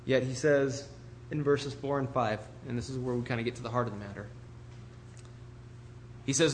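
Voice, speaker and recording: A man's voice: mid-range voice, a little fast, pauses often, slight background noise. A man preaching a sermon in a conversational way, often asking his listeners rhetorical questions. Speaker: pastor.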